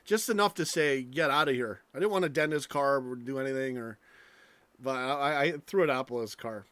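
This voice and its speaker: A man's voice: medium pitch, fairly quick, a bit bright, smooth, no room sound. A man hosting a live stream, ranting angrily with lots of swearing and rambling stories. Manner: angry, profane, rambling rant.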